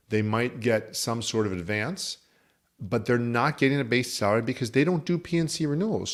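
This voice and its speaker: Man, low voice, business coach, methodical, walks through examples. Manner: methodical, explains with worked examples. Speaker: insurance agency coach. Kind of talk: instructional talk.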